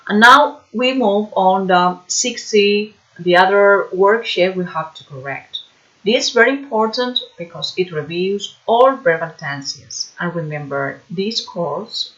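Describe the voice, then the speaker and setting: A woman teaching an English lesson, slow and patient, often checking understanding with a questioning "hmm?". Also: lowish voice, a bit bright. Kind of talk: online class lesson. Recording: dull lo-fi recording.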